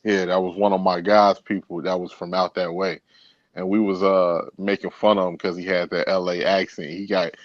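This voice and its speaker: A laid-back man hosting a casual podcast, speaking in a middle-pitched voice full of fillers and easy laughter. The recording is dry and slightly dull. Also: little pitch movement, normal speed, no room sound. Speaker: podcast host.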